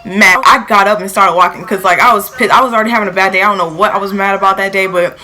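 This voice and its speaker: A young woman telling a storytime vlog in a lively, filler-heavy way, acting out quotes, with features. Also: mid-range voice, fast talker, low-quality recording. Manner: animated, filler-heavy retelling with acted quotes. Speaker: vlogger.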